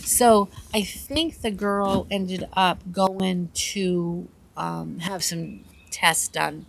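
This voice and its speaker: A woman's voice: lowish voice, steady tone, very slow, gravelly, low-quality recording. An older woman vlogging outdoors, chatting and telling stories in a rambling way. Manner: chatty, rambling, acts out quotes. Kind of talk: casual storytelling chat. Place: outdoors on a windy day. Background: faint wind noise.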